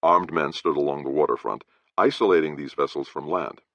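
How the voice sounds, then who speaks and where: A man narrating an audiobook in first person with measured storytelling, in a dry, slightly dull recording. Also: very deep voice, fairly bright tone, no echo.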